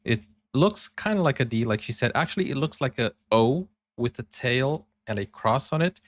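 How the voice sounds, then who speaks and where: A man's voice: medium pitch, lively intonation, normal speed, no room sound. A man hosting a reaction video, chatting and explaining how sounds and accents differ. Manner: chatty, explains language points to viewers. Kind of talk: casual reaction commentary.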